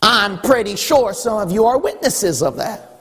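High-voiced preacher in a reverberant hall. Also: male voice, moderate pace, slightly rough. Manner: animated preaching, acting out dialogue with God. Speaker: pastor. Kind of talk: sermon. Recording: echoey hall with long reverb.

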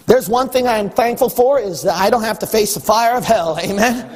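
Brief: emphatic male preacher, high and husky, in a big reverberant church. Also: lively intonation, fairly quick, few pauses. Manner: emphatic preaching with repetition and rising shouts. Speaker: pastor. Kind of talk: sermon. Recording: long hall reverb.

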